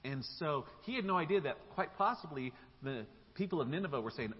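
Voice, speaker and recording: A man preaching a sermon, telling the story in a casual, animated way. His voice sits high and leaps around a lot. The live church recording sounds dull and rings with a long hall echo. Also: a little fast, hardly any pauses, husky. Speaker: pastor. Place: church sanctuary.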